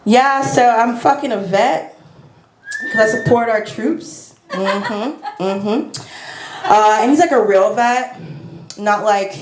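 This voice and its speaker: A woman's voice: fairly high pitch, a little slow, echoey room, slight background noise. A woman performing a stand-up comedy set on a lapel mic, rambling and self-deprecating with many fillers.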